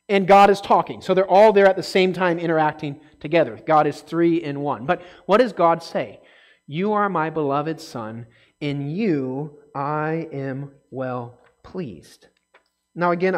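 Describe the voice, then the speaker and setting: A man leading a relaxed Bible study in a slightly higher voice. He keeps checking in with his listeners as he goes, and he lifts into animated bursts when he reads passages aloud. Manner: conversational, frequent "okay?" check-ins, animated when reading aloud. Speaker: Bible teacher. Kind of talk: casual Bible study teaching.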